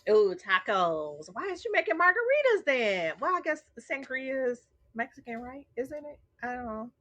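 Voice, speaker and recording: A woman's voice: mid-range voice, fairly bright tone. A woman hosting a casual late-night livestream chat, talking straight to her viewers and laughing often. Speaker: livestream host.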